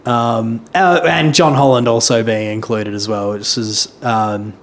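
A man's voice: mid-range voice, a little slow. A man co-hosting a podcast in casual chat, thinking aloud with small hesitations. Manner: relaxed, hesitant, restarts while thinking aloud. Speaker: podcast co-host.

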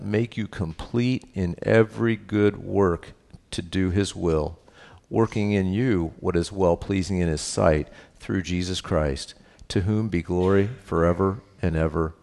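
A middle-aged pastor with a fairly low, gravelly, darkish voice preaches a little slowly. After reading verses, he talks them through in a relaxed, conversational way, repeatedly asking "right?" and making light of himself.

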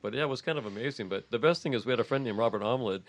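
A man's voice: mid-range voice, very fast. An older man, a musician guest, telling stories in a casual chat, laughing often and swearing. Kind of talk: casual storytelling.

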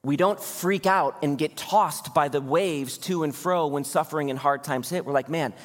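A man's voice: fairly high pitch, moderate pace. A man preaching a sermon as pastor, impassioned, his voice climbing on key points. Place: church sanctuary. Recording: long hall reverb.

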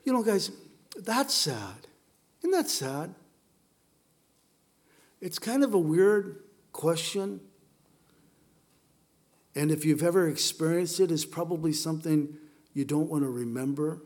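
A man's voice: a little high, normal speed, pauses often, darkish tone. A middle-aged man preaching a sermon, telling the story with playful asides to the congregation. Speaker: pastor.

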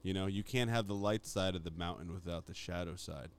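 A man's voice: deep voice, brisk, smooth. A man co-hosting a podcast, joking around and wandering off on tangents. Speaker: podcast co-host. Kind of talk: casual podcast banter.

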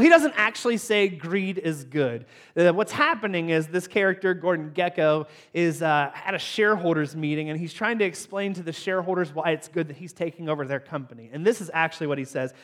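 Opening his sermon on a playful note, a man jokes with and teases his audience, his pitch jumping sharply whenever he's surprised.

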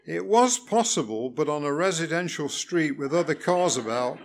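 A man narrating a personal story with wry, good-humoured timing. His voice sits slightly above a typical man's pitch, and he reads at an easy, unhurried storyteller's pace. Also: animated. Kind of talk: first-person story reading.

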